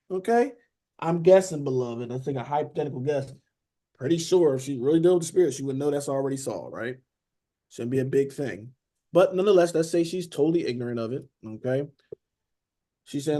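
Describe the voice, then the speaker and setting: Animated high-voiced male preacher. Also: moderate pace. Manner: animated, acts out characters, frequent "beloved" and "okay?". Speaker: Bible teacher. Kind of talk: conversational Bible study sermon.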